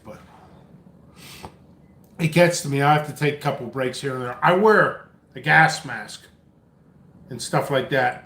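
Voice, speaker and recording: A man's voice: fairly high pitch, fairly bright tone, roomy sound. A man hosting a casual live chat, rambling and chatty on coffee, a little out of breath. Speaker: pepper seed seller and channel host. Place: indoor home workspace.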